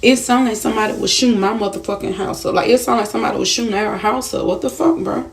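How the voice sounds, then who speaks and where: Woman, agitated venting, profane, repetitive, shaken after waking, gravelly tone. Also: mid-range voice, fairly even intonation, fast. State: shaken, just woken up. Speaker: vlogger. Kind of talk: angry venting to camera.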